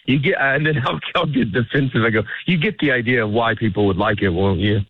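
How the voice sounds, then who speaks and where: A man's voice: medium pitch, a little fast, breathy edge, no echo. A middle-aged man, a stand-up comedian, chatting casually as an interview guest in a rambling, self-interrupting storytelling way. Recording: tinny phone-like radio sound.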